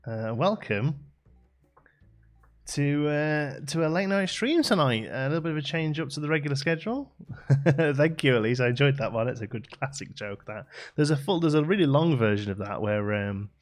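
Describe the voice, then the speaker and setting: A man's voice: on the high side, expressive, normal speed. A man hosting a live late-night game stream, chatting casually with viewers, rambling with lots of fillers and laughing often. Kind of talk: casual chat to a live audience. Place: home streaming setup with a green screen.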